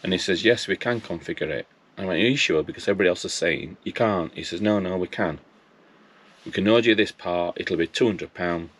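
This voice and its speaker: Bloke, deep voice, rambling story about phone calls. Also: male voice, fairly quick, slightly rough. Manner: animated retelling of phone calls with quoted dialogue. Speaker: vlogger. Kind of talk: casual storytelling.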